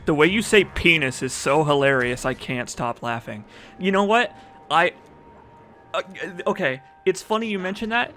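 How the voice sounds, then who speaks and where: Man, speedrun commentary, slightly high voice, crude and jokey, game music clear behind. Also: pushed and bright. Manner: joking, profane and rambling, reads chat aloud. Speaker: speedrunner commenting on his own run.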